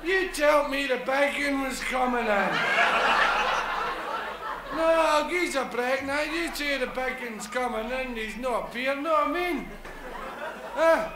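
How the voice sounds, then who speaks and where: A man's voice: very high voice, takes it slowly, pauses often, noisy background, voice pushed up. A man voicing a small, cocky, scruffy male apostle with a Glaswegian accent, talking in pushy street banter. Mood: cheeky, complaining. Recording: echoey live room, loud crowd laughter.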